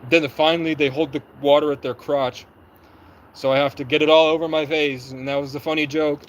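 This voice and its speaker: A young man on a livestream, recounting events in an agitated, rapid way and acting out what people said. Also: a little high, flat delivery, slight background noise, low-quality recording. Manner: agitated, rapid storytelling with reenacted quotes. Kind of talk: livestream monologue.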